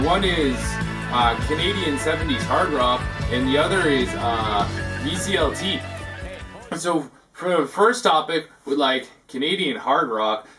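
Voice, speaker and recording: A man hosting a comic talk segment, rambling and halting, filling his talk with "like" and tacking on "eh". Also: mid-range voice, fairly bright tone, recorded from a distance. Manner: halting, full of "like" and tacked-on "eh". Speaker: host of a parody talk segment.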